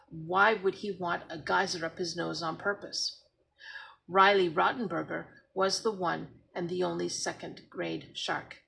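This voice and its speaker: A woman's voice: on the low side, gravelly, a bit bright, low-quality recording. A woman expressively reading a children's book aloud as a storyteller. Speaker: storybook reader.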